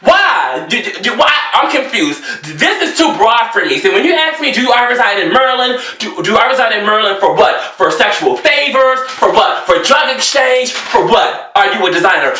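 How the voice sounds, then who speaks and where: A man's voice: very high voice, moderate pace, few pauses. A man, a fashion designer, ranting sassily and theatrically about the emails he receives. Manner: theatrical, sassy, exasperated, animated delivery. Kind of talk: sassy comedic rant. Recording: roomy echo, mic at a distance.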